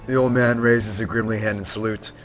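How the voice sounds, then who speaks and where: A man voicing a gruff but well-meaning old male junk dealer with a put-on German accent. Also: fairly low pitch, steady tone, fairly bright tone, faint music behind, natural voice. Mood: wry. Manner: gruff, slow and hearty.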